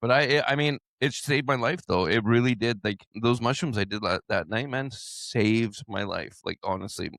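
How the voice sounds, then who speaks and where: A man in his thirties hosts a casual podcast and tells his stories with an animated, loose manner, full of "man" and "like". The sound is dry and close, with no room around it. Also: medium pitch, normal speed, gravelly, hardly any pauses, no echo. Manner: animated storyteller, says "man" and "like" often. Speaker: podcast host.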